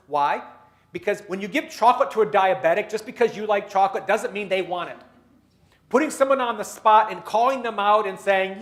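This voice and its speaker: A man with a notably high voice gives a motivational keynote at a dinner meeting. He tells stories, slips into the voices of the people in them, and gets the crowd to join in with little exercises. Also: a little fast, a bit bright. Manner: storytelling, leads the audience through exercises; acts out quoted people in his stories. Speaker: keynote speaker.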